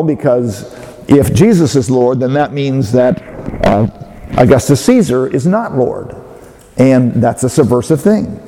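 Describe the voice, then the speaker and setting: Pastor guy giving a sermon, measured and a bit halting, dark mellow tone, big echoey church. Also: mid-range voice. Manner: measured, with hesitant fillers and restarts. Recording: long hall reverb.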